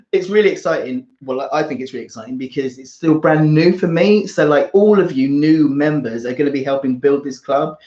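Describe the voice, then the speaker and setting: A man hosting a casual livestream chat from the sofa of his flat, excitable and quick to laugh. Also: mid-range voice. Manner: excitable, squealing and laughing often. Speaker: channel host. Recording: roomy, dull livestream audio.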